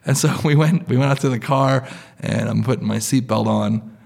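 A man in his thirties or forties spins a personal story for a live crowd, loose and chatty, leaning on fillers. His voice has a gravelly fry running under it. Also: medium pitch, moderate pace, darkish tone. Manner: loose and conversational, full of "like" and "you know".

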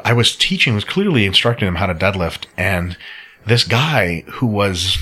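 A man's voice: on the low side, expressive, normal speed, bright, forceful tone, husky. A man co-hosting a podcast, telling a gym story in a laid-back, profane way. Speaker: podcast host. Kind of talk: casual chat.

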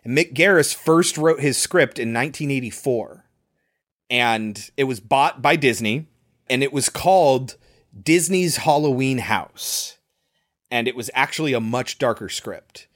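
A man co-hosts a podcast in a relaxed, chatty way, walking through a film's plot and its production trivia with plenty of filler words. His voice sits at a middling pitch. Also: a little slow. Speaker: podcast co-host. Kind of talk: casual chat, movie recap and trivia.

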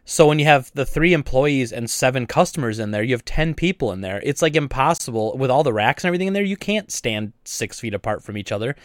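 A man co-hosting a podcast, ranting in a casual, animated and exasperated way about store customers. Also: mid-range voice, fast talker, hardly any pauses, no room sound, studio quality. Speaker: podcast co-host and store owner.

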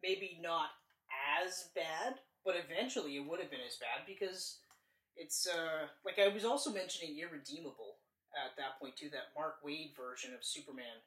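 Animated man in a roomy space. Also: a little high, moderate pace. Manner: animated, rambling, swears casually. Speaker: podcast co-host. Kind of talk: casual movie discussion. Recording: roomy, distant from the mic.

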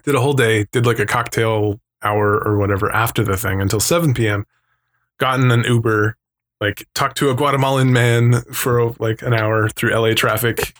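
A man's voice: medium pitch, fairly even intonation, normal speed, fairly bright tone. Casual male co-host, mid voice, rambling storyteller. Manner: rambling, swearing, tangent-prone storytelling. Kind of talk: casual chat.

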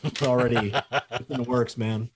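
A man, co-hosting a casual chat among collectors, excitable and quick, laughing often. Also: medium pitch. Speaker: podcast co-host.

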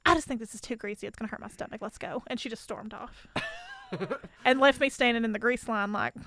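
Bright high-voiced woman in animated chat. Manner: animated, quick, swears for emphasis. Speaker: podcast co-host. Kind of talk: casual chat.

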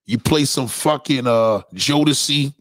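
A man's voice: medium pitch, a little slow, dry recording. Profane man ranting, dry close sound. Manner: animated storytelling, acts out quoted voices; heavy swearing, street slang. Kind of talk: profane comedic rant to camera.

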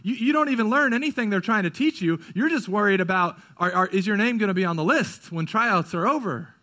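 A male pastor preaching a sermon, moving from quick, urgent stretches to hushed, slow ones. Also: sits high, animated.

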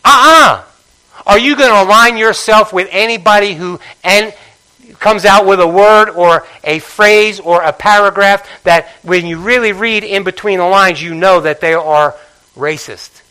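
A man preaching from the pulpit in a church, his voice pitched high and ringing bright. He drives his points home by repeating them and keeps prodding the congregation to answer back. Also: a little slow, clean tone, rough recording. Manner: emphatic, repeats phrases, prods congregation for responses. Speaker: pastor. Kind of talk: sermon.

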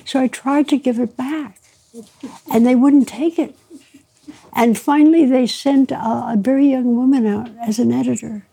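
Woman author, warm mid-high husky voice, animated storyteller who laughs through her tales. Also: normal speed. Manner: lively raconteur, mimics dialogue, laughs often. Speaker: author being interviewed. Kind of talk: anecdotal storytelling.

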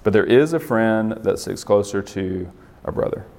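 Guy preaching casual, keeps asking the room stuff, lowish voice, hall echo. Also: expressive, normal speed, gravelly, a little mellow. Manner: conversational, asks the audience questions, laughs often. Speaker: pastor. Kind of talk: casual sermon to a group.

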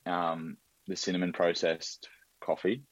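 A man's voice: low voice, flat delivery, a little slow, dull audio. A young man chatting casually as a podcast guest, rambling with lots of fillers and plenty of enthusiasm. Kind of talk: casual chat.

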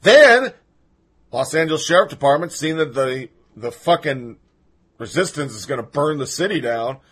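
A man's voice: fairly high pitch, expressive, normal speed, a bit bright, slightly rough. A man hosting a podcast, ranting through political commentary in a sarcastic, profane and mocking way. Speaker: podcast host.

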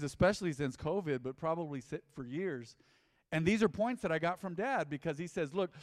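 A man's voice: a little high, no room sound, clean studio sound, in a large hall. A man preaching a sermon as pastor, emphatic, calling on the congregation to respond. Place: church sanctuary.

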